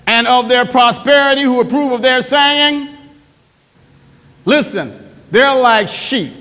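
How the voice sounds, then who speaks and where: Male preacher, very high voice, fervent and repetitive, calls out to the congregation, long church reverb. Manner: fervent, repeats himself, builds to shouts; talks straight to the congregation with questions. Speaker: pastor. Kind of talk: sermon. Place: church sanctuary.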